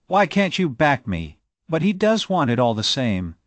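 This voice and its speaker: A man reading an audiobook, voicing an eager, bold young maidservant with rustic country speech and a quick, pleading manner. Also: fairly high pitch, sing-song, no echo, voice pushed up. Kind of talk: audiobook character voice.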